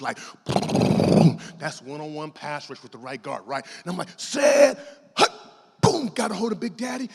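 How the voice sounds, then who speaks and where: A middle-aged man giving a motivational keynote, telling a story in an animated way and acting out voices as he goes. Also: a little high. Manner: animated, acts out voices, laughs often. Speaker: keynote speaker. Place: large conference hall. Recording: long hall reverb.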